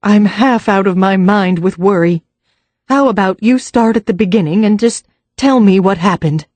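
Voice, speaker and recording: A woman's voice: mid-range voice, moderate pace, a little mellow, no room sound, lightly acted. A woman reading the part of a worried middle-aged American businessman, weary and blunt, in an American accent.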